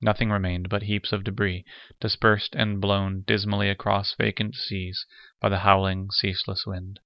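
A man reading a story aloud in a steady, somber narration. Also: on the low side, normal speed, vocal fry, no room sound, highs cut off. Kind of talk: scripted narration.

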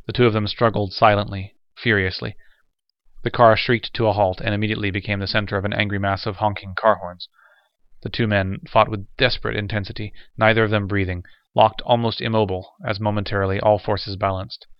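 A man narrating an audiobook in a steady, measured reading. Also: on the low side, no room sound. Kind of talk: scripted narration. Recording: dull lo-fi recording.

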